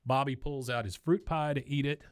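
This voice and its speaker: A man co-hosting a podcast, retelling a cartoon episode in a lively, casual way and often chuckling. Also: mid-range voice, a little fast, smooth, no room sound, studio quality. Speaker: podcast co-host. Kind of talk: casual episode recap chat.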